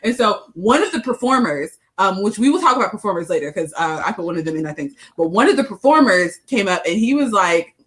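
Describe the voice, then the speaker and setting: A woman's voice: mid-range voice, very animated, fast, hardly any pauses, a bit bright, poor audio. Chatty woman telling a story. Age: 30s. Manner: chatty storyteller, acts out quoted dialogue. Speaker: podcast co-host. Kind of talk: casual chat.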